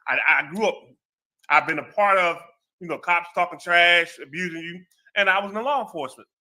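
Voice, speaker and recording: A former law enforcement man from the American Southwest chats casually, telling animated stories full of street slang. His voice is high and brisk.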